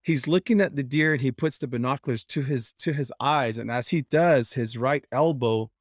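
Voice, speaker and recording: A middle-aged man telling lively stories about his late father, acting out the voices he quotes. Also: medium pitch, no room sound, clean studio sound. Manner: animated, quick to act out quoted voices. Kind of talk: personal storytelling.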